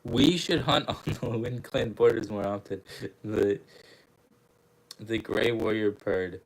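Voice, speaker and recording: Slow, low-voiced young man reading aloud. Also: animated, vocal fry, poor audio. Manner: stumbling, self-correcting, laughing asides. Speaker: channel host reading aloud. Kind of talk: casual read-aloud with commentary.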